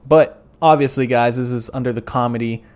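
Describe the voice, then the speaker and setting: A man's voice: mid-range voice, fairly even intonation, a little fast, darkish tone. A young man from the southern United States hosting a comedic solo podcast, rambling through profane, jokey bits. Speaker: podcast host.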